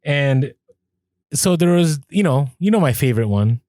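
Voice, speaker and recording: A man co-hosting a podcast, telling a story in casual chat, animated, laughing as he goes and acting out what people said. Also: a little high, moderate pace, no room sound, clean studio sound. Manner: animated, laughs through stories, acts out quoted lines. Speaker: podcast co-host.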